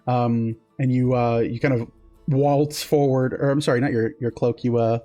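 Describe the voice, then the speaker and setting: A man's voice: mid-range voice, steady tone, moderate pace, mellow, dull audio, soft background music. A man narrating a tabletop game as game master, descriptive, with many fillers and self-corrections.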